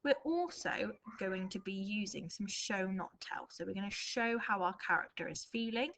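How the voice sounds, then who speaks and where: A woman, a primary school teacher recording a writing lesson for her class at home. She thinks aloud as she drafts and reads example sentences slowly and expressively. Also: mid-range voice, expressive, fairly bright tone, poor audio.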